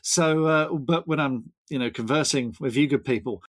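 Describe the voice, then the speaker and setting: A man's voice: mid-range voice, normal speed, husky. A man with a Thames Estuary English accent, chatting casually and self-deprecatingly as a podcast guest. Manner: chatty, self-deprecating, drifts between topics. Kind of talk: casual chat.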